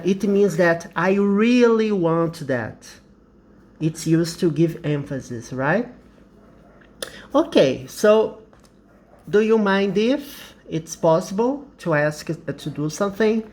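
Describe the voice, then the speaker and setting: A man's voice: high voice, darkish tone. A man with a Brazilian Portuguese accent teaching an English lesson, explaining carefully and repeating example sentences.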